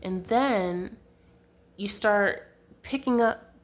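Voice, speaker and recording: A woman's voice: medium pitch, extremely slow. A young woman giving a casual tarot reading to camera, chatty and giggly, full of fillers, talking into a handheld camera. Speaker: tarot reader. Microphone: handheld camera mic.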